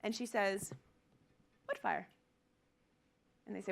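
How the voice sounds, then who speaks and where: A woman physician in middle age delivers a conference talk at a medium pitch. She is earnest and emphatic, leaning into the quoted patient lines she acts out. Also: fairly even intonation, slow, vocal fry. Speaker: physician lecturer. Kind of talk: conference presentation.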